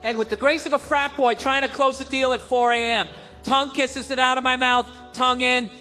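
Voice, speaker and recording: A man performing a stand-up comedy set, animated and acting out voices, sometimes jumping to a shout. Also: extremely high pitch, brisk, soft background music. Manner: animated, acts out voices, big swings to shouting.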